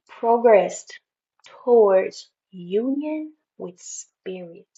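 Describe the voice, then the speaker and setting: A woman's voice: medium pitch, lively intonation, takes it slowly, warm tone, lo-fi sound. A woman giving an intuitive tarot reading, talking in an emphatic, spiritual way and often repeating phrases. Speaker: tarot reader.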